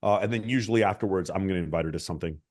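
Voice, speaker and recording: Very deep, fast-talking man. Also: darkish tone. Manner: casual, halting, many fillers. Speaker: dating coach. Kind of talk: panel discussion.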